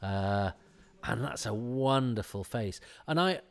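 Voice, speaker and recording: A man's voice: mid-range voice, lively intonation, slow pace, gravelly. A man giving casual commentary on an old TV episode, rambling and often restarting his sentences. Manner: rambling and self-interrupting, frequent restarts.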